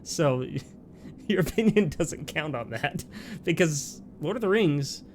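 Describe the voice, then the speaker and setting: A man in casual gameplay commentary, talking in animated bursts and laughing often. His voice sits a little high for a man, with a faint hiss in the background. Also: takes it slowly. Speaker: let's play co-host.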